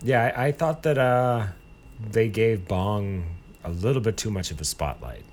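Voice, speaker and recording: A man's voice: on the low side, animated, measured pace, a little mellow, a little hiss or hum. A man co-hosting a podcast, chatting casually in a blunt, opinionated, sometimes crude way. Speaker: podcast co-host. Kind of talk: casual chat.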